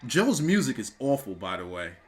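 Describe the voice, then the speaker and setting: A young man reacting live on camera for his review channel, stunned and repeating exclamations, with bursts of shouting. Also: medium pitch, sing-song, normal speed. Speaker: wrestling reviewer.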